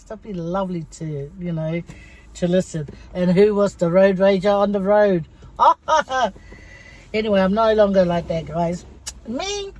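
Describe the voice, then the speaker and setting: A woman's voice: mid-range voice, darkish tone. A middle-aged woman, chatting casually to her viewers in a mukbang vlog and telling stories. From Samoa. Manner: chatty storytelling, addresses viewers as guys. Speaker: vlogger.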